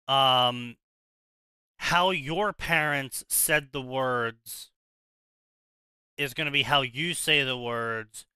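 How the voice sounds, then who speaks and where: A man talks in a loose, opinionated ramble, restarting his sentences as he goes. His voice is very bright and crisp, and it sits a little high. The sound is close and dry. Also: dry recording, poor audio. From South Jersey, USA. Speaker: podcast co-host. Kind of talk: casual chat.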